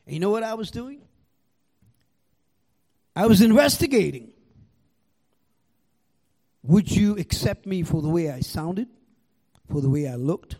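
A man's voice: high voice, animated, measured pace, pauses often, warm tone. An older man with an Indian accent, sharing his recovery story to a live audience in a raw, profane, storytelling way. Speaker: recovery meeting speaker. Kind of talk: personal share to a live audience.

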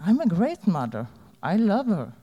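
A woman giving a candid, halting personal testimony about her recovery to an audience. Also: medium pitch, big pitch swings, mellow, slightly rough, dull audio. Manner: halting, candid, plain-spoken. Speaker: recovering addict sharing her story. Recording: long hall reverb.

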